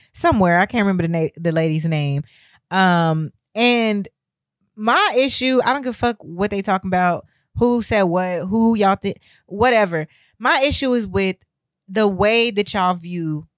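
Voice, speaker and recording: A woman's voice: fairly low pitch, no room sound. A woman vlogging a heated opinion rant, talking bluntly with heavy swearing and exasperated emphasis.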